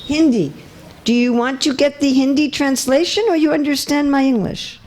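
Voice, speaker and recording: A woman's voice: high-pitched, moderate pace, darkish tone. A woman giving a religious lecture to a live audience in a temple hall, chatty and teasing, often checking that listeners follow. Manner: light teasing humor. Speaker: visiting speaker.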